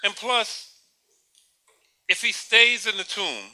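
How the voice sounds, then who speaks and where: High, sharp-voiced male preacher. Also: lively intonation, takes it slowly. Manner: rhetorical questions, repeats words, chuckles at own points. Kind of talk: sermon.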